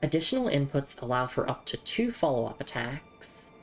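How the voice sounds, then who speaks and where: A young Australian woman streams a game in a loose, chatty way, tripping over and repeating her words. Her Australian voice sits very low. Faint game music plays behind her. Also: big pitch swings, normal speed. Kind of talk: casual live game commentary.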